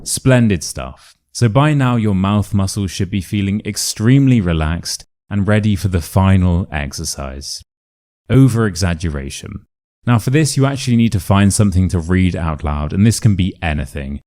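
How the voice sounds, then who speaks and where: A man with a Modern RP British accent teaching a pronunciation lesson, speaking clearly and with careful enunciation in an upbeat coaching manner. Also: deep voice, expressive, moderate pace, darkish tone.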